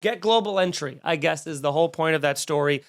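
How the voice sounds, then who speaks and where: A male comedian hosting his podcast, telling a snarky, animated story and acting out the people in it. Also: on the high side, a little fast.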